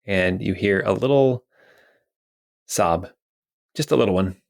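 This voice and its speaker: A man's voice: lowish voice, measured pace, gravelly. A man narrating a tabletop game as game master in a casual, rambling way with many fillers.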